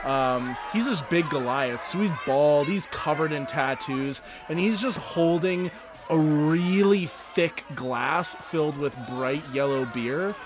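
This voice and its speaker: A man's voice: a little high, slow, a crowd in the background. A man narrating as game master in a tabletop role-playing game, loose and laughing often.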